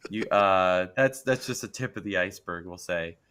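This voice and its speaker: A man's voice: deep voice, moderate pace, a bit bright, clean tone. A man chatting casually as a guest YouTuber, joking and rambling. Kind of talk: casual chat.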